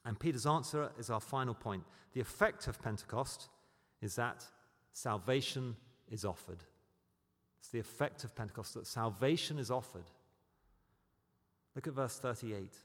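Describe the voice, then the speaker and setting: A man preaching a sermon, moving between loud, emphatic declarations and quiet, storytelling asides. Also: medium pitch, normal speed. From Britain. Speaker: pastor. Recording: long hall reverb.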